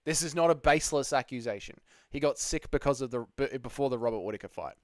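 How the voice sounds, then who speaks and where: A man's voice: mid-range voice, fast, no echo. A man hosting a casual livestream, reading chat comments aloud and arguing back. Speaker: livestream host answering chat.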